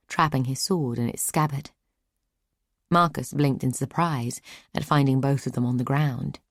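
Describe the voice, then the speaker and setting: Low-voiced woman audiobook narrator. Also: no echo, studio quality. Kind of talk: scripted narration.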